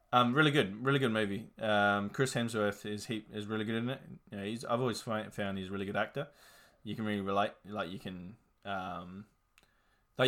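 Young aussie guy, bit low voice, rambles about movies, lots of ums and swears. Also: fairly bright tone. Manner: laid-back, rambling, many fillers and swearing. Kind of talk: casual chat reviewing movies.

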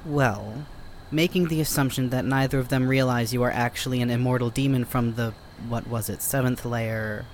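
A man playing a dry, sardonic male companion who speaks in a formal, wordy, deadpan way in an audio drama. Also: medium pitch, moderate pace, a little hiss or hum, natural voice.

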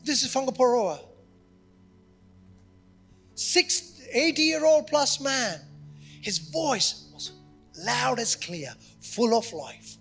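A man's voice: very high-pitched, expressive, takes it slowly, long pauses, fairly bright tone, slightly rough, soft background music. A man preaching a sermon as pastor, telling a story with animation and acting out what people said. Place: church service.

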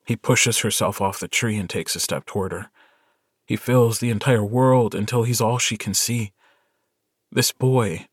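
A man reads a short story aloud in a measured, intimate storytelling manner. His voice sits low and moves slowly. The recording is dry and close. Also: no room sound. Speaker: audiobook narrator. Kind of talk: scripted narration.

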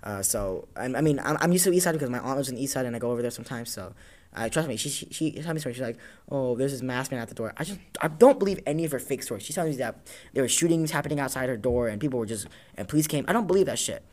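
A man's voice: medium pitch, lively intonation, racing, darkish tone. A man from Tacoma hosting a casual talk show, telling rambling, profane stories and acting out what people said. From Tacoma, Washington, US. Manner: rambling storyteller, profane, acts out quotes. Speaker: podcast host. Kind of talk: casual chat.

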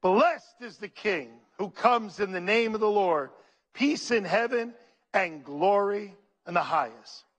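A man's voice: high-pitched, slow. A man preaching a sermon, calling out to his congregation and reading scripture aloud. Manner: animated, preacherly, calls out to the congregation. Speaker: pastor.

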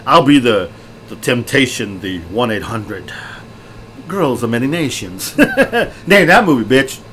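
A middle-aged man co-hosting a podcast, loud, jokey and excitable, laughing often. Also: mid-range voice, takes it slowly. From Texas. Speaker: podcast co-host. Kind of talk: casual chat. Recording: faint background noise.

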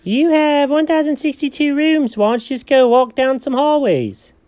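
A performer playing an excitable, chatty male buddy in an improvised audio story, talking in a playful, swooping way. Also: high voice, moderate pace, dry recording, lightly acted.

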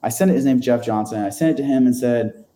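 This man spins a lengthy, meandering tale as a guest in an interview, chuckling softly, using lots of fillers, and making fun of himself in casual storytelling. He talks quickly in a warm, medium-pitched voice that sounds roomy.

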